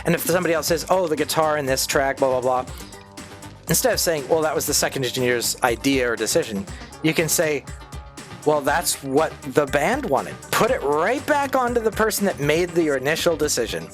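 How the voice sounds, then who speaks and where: A middle-aged man chats through his livestream in a loose, rambling way, jumping into animated stories and swearing freely. His voice sits a bit on the high side. Soft game music plays faintly under him. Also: a little fast. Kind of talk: casual livestream chat while playing.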